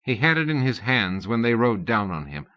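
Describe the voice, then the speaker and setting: Heard on a muffled lo-fi cassette, a man narrates a scripted audiobook. His reading stays steady and measured, rising in pitch when characters talk.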